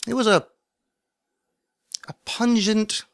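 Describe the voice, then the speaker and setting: A man's voice: high voice, slow, vocal fry, no echo. Sardonic man telling a comic story, dry sound. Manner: sardonic, self-mocking; swings between mumbled asides and loud animated bursts. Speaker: podcast host. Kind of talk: comedic storytelling monologue.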